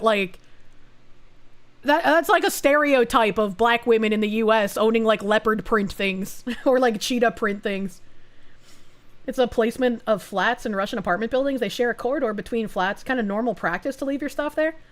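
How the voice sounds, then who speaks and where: A young woman streaming from home, reacting to videos and reading chat aloud. She talks bluntly and casually, swears freely and laughs often. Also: on the high side.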